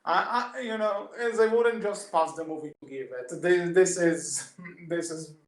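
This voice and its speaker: A man's voice: high voice, measured pace, echoey room. A man co-hosting a podcast, eagerly retelling movie scenes at length in casual discussion. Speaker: podcast co-host.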